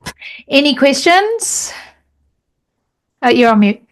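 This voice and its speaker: Teacher woman coaching meditation cues. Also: high-pitched. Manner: demonstrates cues in a slow calm guiding voice. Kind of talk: teaching a training session. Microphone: video call.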